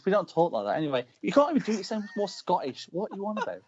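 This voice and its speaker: A man's voice: sits high, big pitch swings, very fast, slight background noise. A young man, a wrestler chatting as an interview guest, rambling and joking. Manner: rambling, joking, argues back. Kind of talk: casual chat. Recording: slightly dull lo-fi audio.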